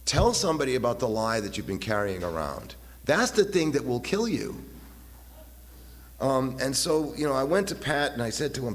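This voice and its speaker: A man in his fifties giving a halting, personal talk at a recovery meeting, often repeating his words and acting out voices as he retells. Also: medium pitch, big pitch swings. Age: 50s. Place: meeting hall. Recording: long hall reverb, faint hiss.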